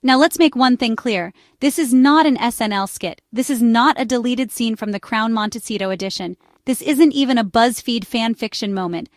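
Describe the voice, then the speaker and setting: A woman's voice: a little high, normal speed, hardly any pauses, dry recording, studio quality, soft background music. A woman reading a scripted narration in a playful, dramatic way. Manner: playful, dramatic build-ups.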